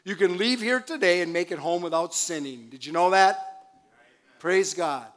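A man's voice: sits high, normal speed, fairly bright tone. An older man, a pastor, preaching a sermon in a church, chatty with laughing asides and calls for amen. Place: church sanctuary.

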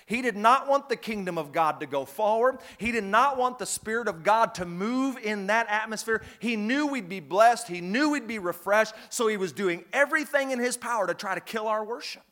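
A high-voiced man preaches a sermon. He talks like a storyteller and climbs into loud, fervent outbursts.

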